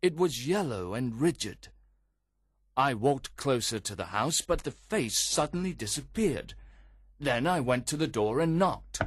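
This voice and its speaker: A man's voice: a little high, a little hiss or hum. Man reading a story expressively. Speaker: audiobook reader. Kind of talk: scripted first-person narration.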